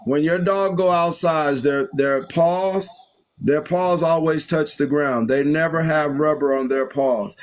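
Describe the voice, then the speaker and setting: A man's voice: on the high side, unhurried, poor audio. A man hosting a live stream, giving confident, preachy spiritual advice to a caller. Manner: authoritative, instructive, confident. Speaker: spiritual livestream host.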